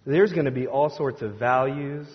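A man's voice: mid-range voice, normal speed. A male pastor giving a conversational, joking sermon in a church sanctuary, acting out the voices of the crowd. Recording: dull sound with long hall reverb.

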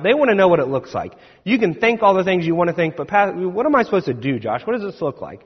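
Casual preacher in an echoey hall. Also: male voice, sits high, very animated, fast talker, few pauses, slightly rough. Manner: conversational, self-deprecating storytelling. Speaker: pastor. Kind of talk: sermon. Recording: echoey hall, dull sound.

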